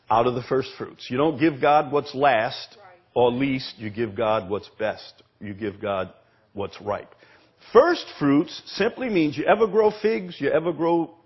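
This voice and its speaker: Pastor, husky, swooping high-pitched delivery, emphatic and repetitive preaching. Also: male voice, muffled recording. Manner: emphatic preaching, repeats words, asks the congregation questions. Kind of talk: sermon. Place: church sanctuary.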